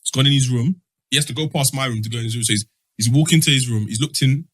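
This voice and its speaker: A man's voice: mid-range voice, fast, breathy edge, dry recording. A young man telling a long story on a podcast, acting out his parents' voices. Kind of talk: casual storytelling chat.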